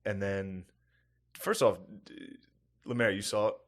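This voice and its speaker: A man co-hosting a comedy podcast, rambling through profane, excitable stories in casual chat. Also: lowish voice, unhurried. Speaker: podcast co-host.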